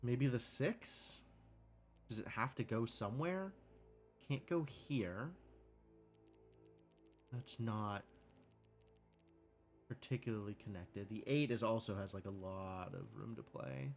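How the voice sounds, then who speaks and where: Speaking slowly with frequent pauses, this man has a lowish, animated voice over soft background music. He's a livestreamer doing relaxed gameplay commentary, musing aloud with questions to himself while chatting and laughing easily with his viewers.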